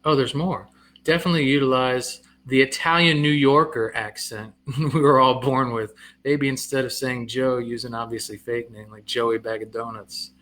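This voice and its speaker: A man's voice: medium pitch, steady tone, fairly bright tone. A middle-aged man, a comedian, chatting casually on a live stream, reading viewer comments aloud, answering them and laughing at himself. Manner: self-deprecating, quick to laugh.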